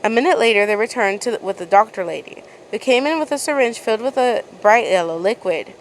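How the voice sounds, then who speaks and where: A woman's voice: fairly high pitch, animated, fast, a little hiss or hum, low-quality recording. A woman reading a second-person fan story aloud in a casual way, often stumbling over words and restarting. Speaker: fan fiction reader.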